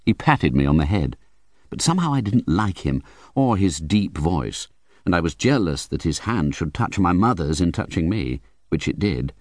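Deep-voiced, animated male audiobook narrator. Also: moderate pace, no echo. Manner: vivid, theatrical storytelling. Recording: dry close studio recording.

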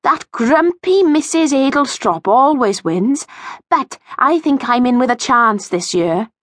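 A jolly, plump grandmother chats cheerfully about a baking contest rival, played by a woman narrator. Her voice is lively and close-miked. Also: high voice, unhurried, no echo, voice pushed up. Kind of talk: audiobook character voice.

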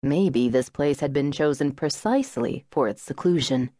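A woman reads an audiobook in a low, mellow voice with measured, even pacing. She sits close to the mic. The studio sound is dry and free of room echo. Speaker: audiobook narrator. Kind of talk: scripted narration.

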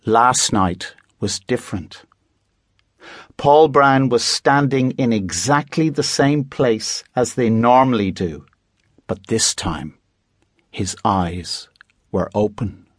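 A man reading aloud voices a calm twelve-year-old girl who speaks in a matter-of-fact way. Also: medium pitch, takes it slowly, no room sound, studio quality.

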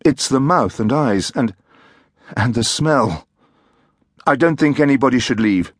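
A man's voice: medium pitch, animated, a little slow, husky, no room sound, clean studio sound. A man voicing an uneasy young man who questions hesitantly and anxiously.

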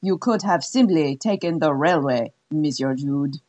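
Woman narrator doing a French-accented brothel madam, middle-aged, cool, clipped, commanding, lowish voice. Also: lively intonation, measured pace, darkish tone. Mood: cold. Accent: put-on French.

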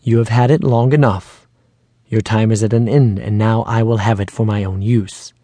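A man voicing a mysterious intruder of uncertain sex who speaks calmly and without hesitation, with a mocking, menacing edge. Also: lowish voice, moderate pace, no room sound, lightly acted. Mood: taunting. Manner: calm, unhesitating, mocking.

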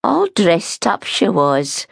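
A slow, doom-laden old Scottish busybody, as a woman reader puts her on, full of grim warnings and gossip. She drawls in a lively, rising sing-song over a dry, close sound. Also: fairly low pitch, vocal fry, slightly rough, no echo, full character voice. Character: gossipy gloomy older Scottish woman customer.

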